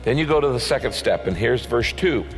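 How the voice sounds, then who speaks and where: Emphatic preaching pastor in a big hall. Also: male voice, expressive, fairly quick, soft background music. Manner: emphatic preaching, rising pitch on key points. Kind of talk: sermon. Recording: long hall reverb.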